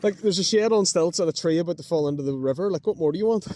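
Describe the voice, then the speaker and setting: A young man with a Northern Irish accent chatting excitably while kayaking outdoors on a river. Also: a little high, very fast. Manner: excitable, chatty, greets animals. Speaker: kayaking vlogger. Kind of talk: casual chat.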